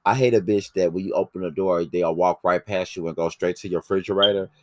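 Very deep-voiced man, brash and profane. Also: quick pace, no room sound. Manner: brash, profane, animated storytelling. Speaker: podcast host. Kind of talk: casual chat.

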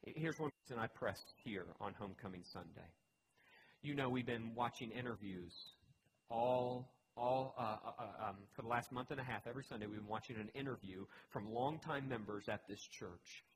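A man's voice: mid-range voice, normal speed, noisy background. A man pastor giving a conversational sermon, earnest and emphatic, often restarting his phrases.

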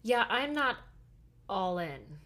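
A woman with a Midwestern American accent co-hosts a casual podcast. She sounds easygoing and agreeable and often answers with short replies. Her voice has an ordinary middle pitch. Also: very animated, slow, pushed and bright. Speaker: podcast co-host.

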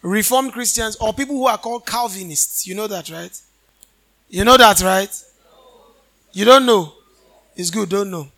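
A male preacher delivering a sermon in a church. His voice sits very high and rings bright and forceful. He draws his listeners in with questions, then answers them himself in a chanting, sing-song cadence. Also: normal speed, long pauses. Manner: call-and-response questions to the congregation.

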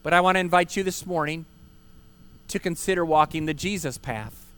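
A man's voice: fairly high pitch, normal speed, a bit bright, clear, resonant tone. A man, a pastor preaching a sermon at an outdoor park service, earnest and emphatic, asking rhetorical questions and repeating key words.

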